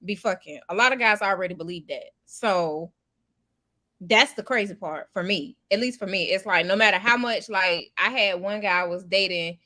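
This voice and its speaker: A woman telling funny stories in a casual podcast chat, animated and quick. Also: mid-range voice. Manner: animated storyteller, quick bursts. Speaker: podcast co-host.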